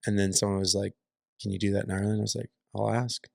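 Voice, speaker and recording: A man's voice: lowish voice, little pitch movement, fast, vocal fry, a little mellow, no room sound. A young man from Alaska, a musician guest, chatting in a dry, joking way with lots of restarts. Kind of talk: casual interview chat.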